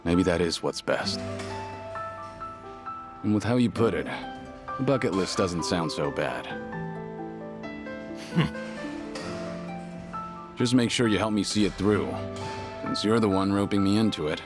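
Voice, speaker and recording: A man's voice: low voice, animated, normal speed, long pauses. An actor playing a stoic, tough former yakuza man who speaks in a terse, reserved way. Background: game music.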